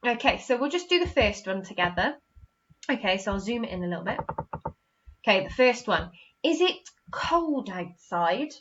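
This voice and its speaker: English woman primary teacher, bright and encouraging, lo-fi home lesson recording. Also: on the high side, a little hiss or hum. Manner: clear, encouraging, acts out example sentences with expression. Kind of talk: recorded online lesson for young children.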